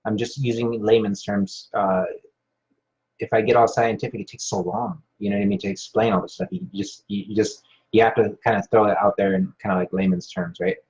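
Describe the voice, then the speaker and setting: A man's voice: lowish voice, level tone, a little fast, a little mellow. A man hosting a live stream, casually rambling with many fillers and restarts while reading viewer comments. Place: Hawaii. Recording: dull lo-fi sound.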